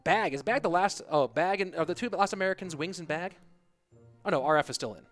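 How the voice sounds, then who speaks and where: High-voiced playful male game caster. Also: brisk, a bit bright, soft background music. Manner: playful, jokes with the chat. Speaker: esports commentator. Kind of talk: live game commentary.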